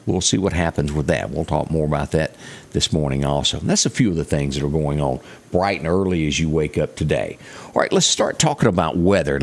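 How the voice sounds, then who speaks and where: A man with a Southern Mississippi accent walks viewers through the morning weather in a chatty, folksy way. His voice sits fairly low but swings up and down a lot as he talks. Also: gravelly. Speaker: weather presenter. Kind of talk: folksy local weather report.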